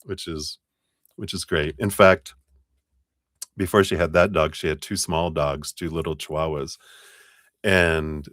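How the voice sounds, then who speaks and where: A man's voice: rumbling low, steady tone, measured pace, long pauses, a bit bright, dry recording, studio quality. A man giving a casual live tarot reading, chatting, storytelling and laughing often. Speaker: tarot reader on a live stream.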